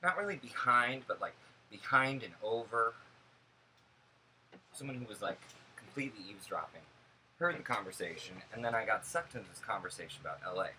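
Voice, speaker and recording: A man's voice: on the low side, fairly quick, poor audio. Chatty young man with a background hiss. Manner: animated, gossipy and sarcastic storytelling. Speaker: vlogger. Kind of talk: casual vlog monologue.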